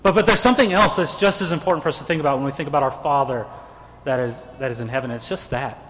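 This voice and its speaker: A man's voice: fairly high pitch, fast talker, fairly bright tone, in a large hall. A man preaching a sermon as a pastor, earnest and stumbling into repeated words as he presses his points.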